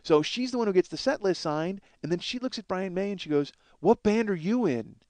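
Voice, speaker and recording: A man's voice: high voice, expressive, fast talker, a little mellow, no room sound. A man hosting a podcast, telling a long rambling story with lots of swearing and self-mockery. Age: 30s. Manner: rambling, profane, self-deprecating. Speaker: podcast host. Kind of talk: solo storytelling monologue.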